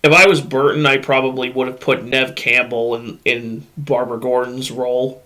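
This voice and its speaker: Bright-voiced man ranting bluntly. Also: medium pitch, level tone, normal speed. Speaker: podcast host. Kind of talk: casual movie discussion. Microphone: USB podcast microphone.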